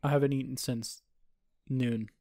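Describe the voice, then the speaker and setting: A man's voice: medium pitch, steady tone, unhurried, gravelly, warm tone, no room sound, studio quality. A man in his twenties, co-hosting a podcast and telling a rambling, profane party story in casual chat. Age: 20s. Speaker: podcast co-host.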